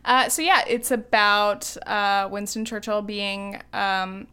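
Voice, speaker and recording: A woman's voice: medium pitch, slow, pushed and bright, clear, resonant tone. A young adult woman co-hosting a podcast in casual chat, chatty and giggly, with lots of ums and likes. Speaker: podcast co-host.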